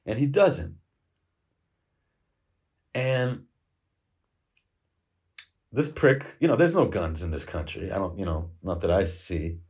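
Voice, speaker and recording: Husky, low-voiced American man telling a story. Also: takes it slowly, long pauses, darkish tone. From United States. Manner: rambling, swears, many fillers. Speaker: vlogger. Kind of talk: casual storytelling monologue.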